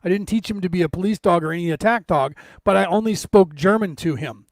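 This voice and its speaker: A man co-hosting a podcast over a video call, telling an anecdote in a lively way and acting out the people in it. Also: sits high, fast, no room sound. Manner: animated storyteller, acts out quotes. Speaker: podcast co-host. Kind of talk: casual storytelling chat.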